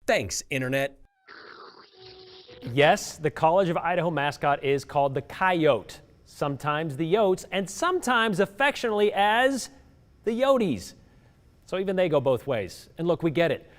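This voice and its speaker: A man's voice: a little high, expressive, normal speed. A man presenting a light-hearted scripted news segment in a playful, wry way.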